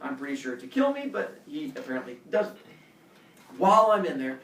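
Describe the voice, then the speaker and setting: A male teacher telling a personal story to his class in a lively way, acting out scenes with shouts and voices. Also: fairly high pitch, moderate pace. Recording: echoey room, mic far off.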